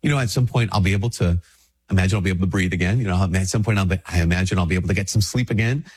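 Male priest, deep-ish and husky, congested, relaxed conversational reflection. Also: very fast. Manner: conversational, acts out little dialogues, repeats words. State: sick with a stuffy nose. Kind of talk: casual spoken reflection.

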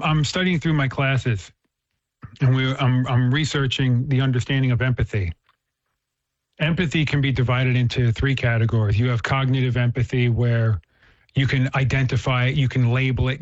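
A man's voice: medium pitch, no echo. Earnest man telling a faith story. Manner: earnest, storytelling, frequent restarts. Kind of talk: casual conversational talk. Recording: dull, dry lo-fi recording.

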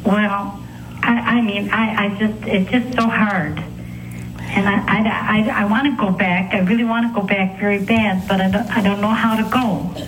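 An emotional woman calls in by telephone and halts and stammers as she tries to get her words out. Her voice is mid-pitched, and her phrases keep breaking off and starting again. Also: steady tone, a little hiss or hum, poor audio. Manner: halting, stammering with many restarts. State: emotional, struggling to speak. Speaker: caller.

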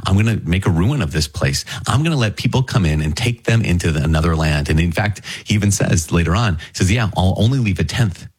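A man with a very low, husky voice explains scripture in an easy, conversational way. He sounds earnest and eager, talking straight to his listeners as a Bible teacher. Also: lively intonation, quick pace, few pauses. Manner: earnest, enthusiastic, addresses listeners directly.

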